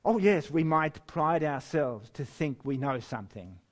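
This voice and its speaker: Male preacher, slow deliberate sermon, animated rising and falling pitch, emphatic delivery. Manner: slow, emphatic, with wide swings in pitch and loudness; chuckles now and then. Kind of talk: sermon with scripture reading.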